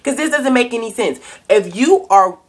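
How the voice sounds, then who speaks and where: A woman's voice: on the high side, lively intonation, moderate pace. A young woman, ranting angrily and profanely in a casual webcam vlog. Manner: angry, profane, emphatic ranting. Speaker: vlogger.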